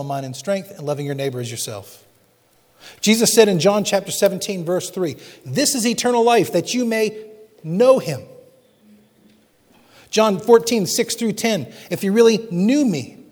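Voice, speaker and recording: A man's voice: fairly high pitch, darkish tone, long reverb tail. A male pastor preaching a sermon and reading scripture aloud with rising, emphatic delivery.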